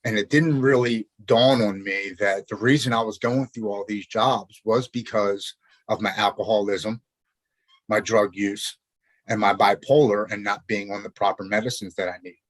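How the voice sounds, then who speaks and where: A man in his forties with a low voice shares his own hard story as a podcast guest, speaking earnestly and haltingly, often restarting his sentences. The sound is dry and close. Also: fairly even intonation, no room sound. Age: 40s. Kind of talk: personal recovery story in conversation. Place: Maryland.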